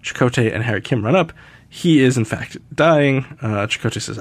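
A man's voice: medium pitch, normal speed, no echo. Chatty man with a dry close mic. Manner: chatty, laughs often, acts out characters' lines. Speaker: podcast host. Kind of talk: casual podcast chat recapping a TV episode.

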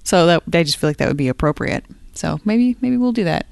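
A woman's voice: fairly low pitch, expressive, a little fast, vocal fry, darkish tone, clean tone, no echo. Chatty woman co-hosting a casual podcast. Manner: chatty, laughs easily, brief backchannels. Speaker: podcast co-host. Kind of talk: casual chat.

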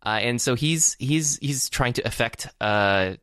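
A man's voice: medium pitch, measured pace, a bit bright, smooth, no room sound, clean studio sound. A man co-hosting a casual movie podcast, talking in a rambling, hesitant way with many fillers and restarts. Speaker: podcast co-host.

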